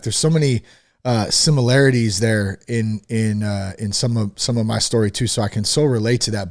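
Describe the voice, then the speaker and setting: A man hosting a podcast, chatting casually and affirming his guest, relating it to his own story. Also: medium pitch. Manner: affirming, frequent "yeah", relatable. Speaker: podcast host. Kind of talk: casual interview chat.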